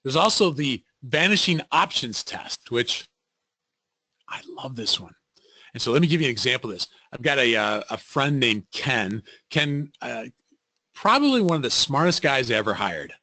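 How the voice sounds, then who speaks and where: Gravelly, bright-voiced man giving a webinar. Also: mid-range voice, normal speed, no echo. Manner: animated storyteller acting out quoted voices. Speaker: webinar presenter. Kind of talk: interactive webinar talk.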